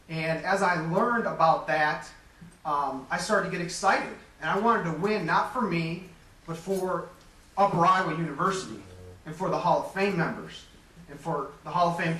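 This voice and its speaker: Bright and forceful, a man's highish voice carries through a large, echoey hall as he accepts his Hall of Fame honor. He's about forty, from Metro Detroit, Michigan, and his stories are candid and self-mocking; the mic is distant, with a faint hum.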